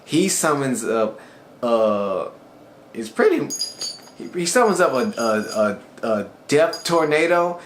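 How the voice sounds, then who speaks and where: In an echoey room with faint noise underneath, a male channel reviewer gives a casual recap of an anime episode. He's loose, excited and chatty but takes his time, speaking at a mid-range male pitch.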